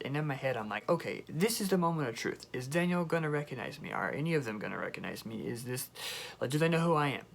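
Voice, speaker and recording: A young man telling a storytime vlog, excitable and rambling, with lots of filler words. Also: medium pitch, vocal fry. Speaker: YouTuber.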